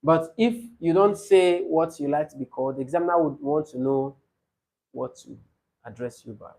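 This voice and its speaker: Male tutor, higher-pitched, patient and repetitive coaching delivery. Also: moderate pace, darkish tone. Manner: explains patiently, repeats examples, laughs easily. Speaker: IELTS speaking tutor. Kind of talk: classroom coaching.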